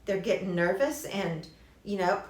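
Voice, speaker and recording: A woman's voice: medium pitch, lively intonation, a little slow, a little mellow. A woman teaching a Bible lesson in a conversational way, restarting phrases and adding asides. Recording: roomy church classroom.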